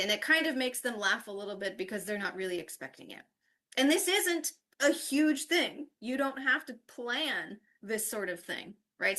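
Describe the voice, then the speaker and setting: A woman with a bright voice gives a workshop talk to fellow teachers. She explains each point step by step and keeps checking in with her listeners. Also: fairly high pitch. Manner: explanatory, checks in with frequent "right?". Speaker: university English teacher presenting a workshop. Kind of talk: online conference workshop presentation.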